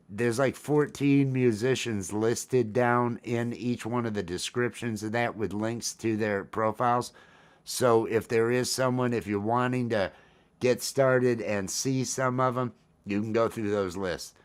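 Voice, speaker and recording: A man's voice: mid-range voice, clear, resonant tone. Rambling wry male livestream host. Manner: rambling, wry, self-deprecating. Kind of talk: casual livestream chat.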